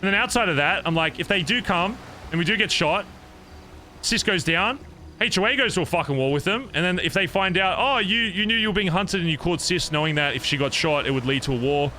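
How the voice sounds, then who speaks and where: Young male roleplay streamer, forceful and bright tone, animated and profane, telling a long story in character. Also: high-pitched, fairly quick, a little hiss or hum. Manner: animated, profane, rambling recounting. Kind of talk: in-character storytelling to other players.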